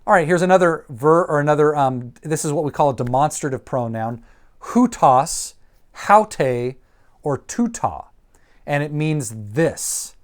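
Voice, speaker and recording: A man teaching Greek vocabulary in a lecture, repeating each word slowly and deliberately with frequent ums. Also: on the high side.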